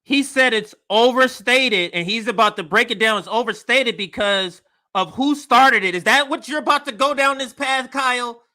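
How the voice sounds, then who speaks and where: A man reacting to a video clip with a high, bright, sharp voice. He sounds mocking and incredulous. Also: normal speed. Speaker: commentary co-host.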